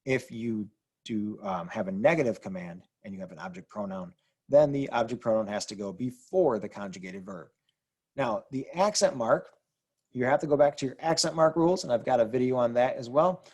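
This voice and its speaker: A man explaining Spanish grammar rules over slides in a relaxed way, repeating points with fillers. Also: medium pitch, moderate pace, breathy edge. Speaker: Spanish teacher.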